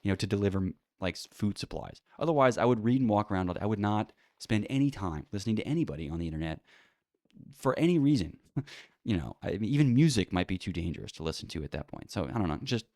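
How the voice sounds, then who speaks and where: A man's voice: on the low side, expressive, quick pace, a little mellow, no room sound, studio quality. A man hosting a solo talk show, rambling bluntly with many fillers and restarts. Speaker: podcast host. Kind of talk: casual solo commentary.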